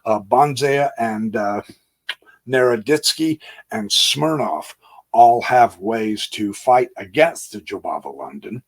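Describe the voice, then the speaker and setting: A man hosting his chess channel who talks through a game on a board, thinking aloud in a folksy way with homey exclamations and swinging between quiet asides and emphatic bursts. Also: medium pitch, expressive, slow pace. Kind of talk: casual game walkthrough on a physical board.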